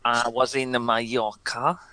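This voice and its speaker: A man's voice: mid-range voice, flat delivery, slow pace, a crowd in the background. A man chatting on an online call, hesitant and self-mocking. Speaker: podcast regular and game master. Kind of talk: casual chat.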